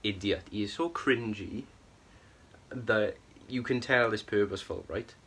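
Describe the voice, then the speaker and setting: A young man with a somewhat low voice vents his opinions in a casual film review vlog. He rambles, circles back on himself and keeps checking in with "right?" and "bro", sounding plainly exasperated. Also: unhurried, fairly bright tone, a little hiss or hum.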